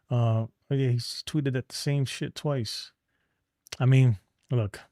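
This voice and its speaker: A man's voice: mid-range voice, a little mellow, dry recording. Chill guy on a sports stream, talking to chat like buddies, dry close sound. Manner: laid-back and chatty, reads viewer comments aloud; addresses viewers as man and bro. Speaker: livestream host. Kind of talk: casual sports livestream chat.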